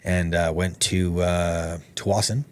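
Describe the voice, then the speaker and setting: A man, a podcast guest, telling a story in casual conversation, animated, swearing freely and acting out the dialogue. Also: sits low, takes it slowly, slight background noise.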